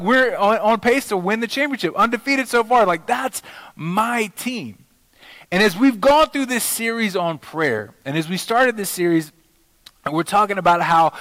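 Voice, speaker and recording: A man's voice: fairly high pitch, a bit bright. Man preaching a casual story-filled sermon. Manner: conversational storytelling with many fillers, rising in energy. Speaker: pastor.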